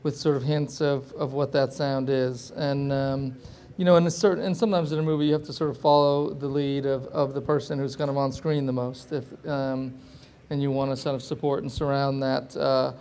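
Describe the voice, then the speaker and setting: A man's voice: medium pitch, flat delivery, moderate pace, darkish tone. A male actor answering an interview question hesitantly, with lots of fillers and hedging.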